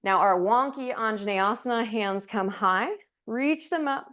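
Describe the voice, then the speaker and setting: A yoga instructor leads a live class, timing her pose cues to the breath and dropping chatty asides with light laughs, audibly winded from moving. Her voice is a little high, a bit bright, and unhurried.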